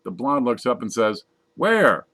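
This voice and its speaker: A man casually reading jokes aloud from a page, putting on higher voices for the punchlines. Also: expressive, moderate pace, fairly bright tone. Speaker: joke reader.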